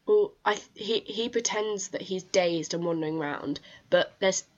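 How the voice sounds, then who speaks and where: A woman's voice: mid-range voice, moderate pace. A woman co-hosting a podcast, telling a crime case in a casual, chatty way with many fillers and restarts. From England. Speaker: podcast co-host. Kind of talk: casual true-crime chat. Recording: dull lo-fi sound.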